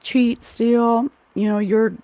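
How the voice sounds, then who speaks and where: A woman's voice: on the high side, fairly even intonation, slow, dark tone, no room sound. A woman giving a casual, rambling psychic tarot reading, full of fillers and asides. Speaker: psychic reader.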